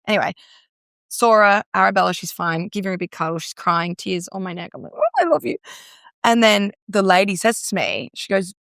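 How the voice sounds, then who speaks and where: A woman's voice: medium pitch, steady tone, brisk, fairly bright tone, no room sound, studio quality. A young Australian woman, a breathwork guest, telling stories in casual chat full of "like" fillers. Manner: chatty, storytelling, many "like" fillers.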